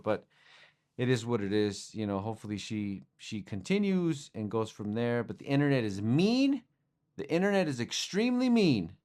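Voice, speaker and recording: Rambling man hosting a sports podcast. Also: medium pitch. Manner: rambling, conversational, many fillers and restarts. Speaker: podcast host. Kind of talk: casual sports chat.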